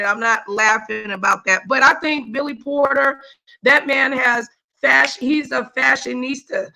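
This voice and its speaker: A woman hosting a casual live talk show, quick to laugh and to steer who speaks. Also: high voice, steady tone, creaky, sharp tone. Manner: laughs easily, directs the talk. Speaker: host.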